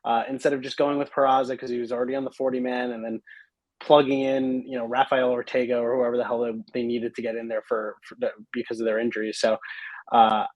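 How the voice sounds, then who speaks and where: A man's voice: medium pitch, flat delivery, fast, no echo, highs cut off. A man co-hosting a sports podcast in casual chat, blunt and opinionated with a loose way of talking. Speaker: podcast co-host.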